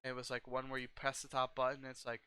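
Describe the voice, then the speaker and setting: A man's voice: medium pitch, monotone, quick pace, pushed and bright, clear, resonant tone, no echo. A young man from Arizona co-hosting a podcast, telling stories in an easygoing way with frequent laughs. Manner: easygoing storyteller, laughs often, says dude. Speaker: podcast co-host. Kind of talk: casual chat.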